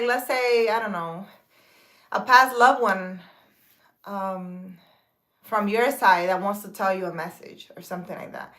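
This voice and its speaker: A woman's voice: mid-range voice, fairly bright tone. A woman, a spiritual healer, chatting casually to her viewers in a rambling way, full of fillers and restarts, answering their comments. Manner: reads viewer comments aloud and answers them.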